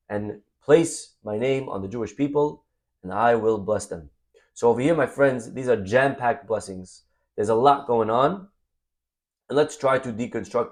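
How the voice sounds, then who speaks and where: A rabbi teaching a Torah class, reading Hebrew verses aloud, translating them and calling his listeners "my friends". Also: medium pitch. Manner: animated, addresses listeners as "my friends".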